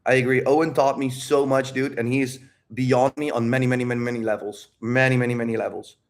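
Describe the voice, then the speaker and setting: A man's voice: medium pitch, level tone, fairly quick. Candid rambling man talking dating. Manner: candid, rambling, says "dude" and "bro". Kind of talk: casual talk.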